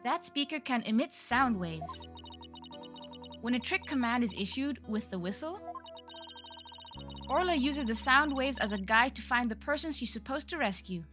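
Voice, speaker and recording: A woman voicing a young female whale trainer who breaks into booming pirate talk, in a fan voice-acted game. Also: expressive, normal speed, pauses often, over music, close to an everyday voice. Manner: booming pirate-talk bursts between plain explanations.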